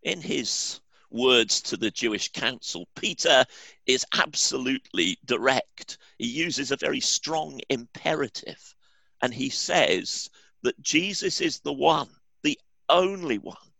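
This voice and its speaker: A man's voice: medium pitch, animated, slow, gravelly, sharp tone, dry recording. A male pastor preaching a sermon in an earnest, emphatic way.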